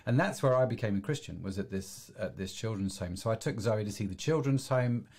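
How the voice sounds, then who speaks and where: A man's voice: fairly low pitch, animated, fairly quick, a little mellow, slightly rough. A middle-aged man hosting a podcast interview, chatting in an encouraging, agreeable way. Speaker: podcast host. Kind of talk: casual interview chat.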